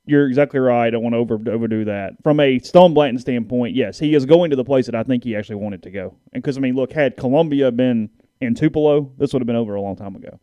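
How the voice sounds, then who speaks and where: A man's voice: medium pitch, quick pace, few pauses, dark tone, clean tone, no echo. A man co-hosting a sports podcast in casual chat, often restarting his sentences and reading posts aloud. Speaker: podcast co-host. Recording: dull, slightly lo-fi dry sound.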